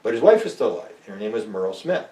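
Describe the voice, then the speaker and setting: Talking rapid-fire, an older man from Canada who researches UFOs shares casual stories as an interview guest. He animatedly voices the people in them with sharp pitch leaps, picked up by a distant mic in a roomy space.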